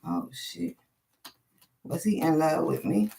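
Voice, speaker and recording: A woman with a low voice runs a loose live-stream tarot reading, thinking out loud as she goes. Her talk is blunt and full of swearing, and it wanders from one thought to the next. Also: takes it slowly, creaky, slight background noise. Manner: profane, candid and rambling, thinking aloud. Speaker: tarot card reader.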